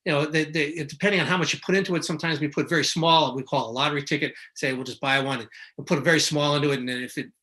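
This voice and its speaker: A man's voice: on the high side, fairly even intonation, very fast, hardly any pauses, pushed and bright. A middle-aged man who is a market analyst, talking casually and rambling, with many restarts and self-corrections, now and then mimicking panicked investors. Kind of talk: casual explanatory talk.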